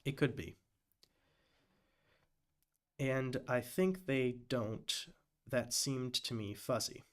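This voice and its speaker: A man live-streaming as he reads a hearing transcript aloud, deliberately voicing every quote and end quote marker. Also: medium pitch. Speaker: live-stream reader and commentator.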